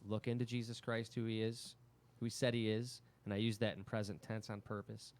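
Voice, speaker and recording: A man co-hosting a talk show, speaking in a relaxed, agreeable way. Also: lowish voice, a little fast. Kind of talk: casual chat.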